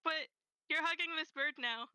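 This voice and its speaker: A woman narrating as game master of a tabletop game, gentle and unhurried, with many fillers. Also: sits high, no echo, rough recording.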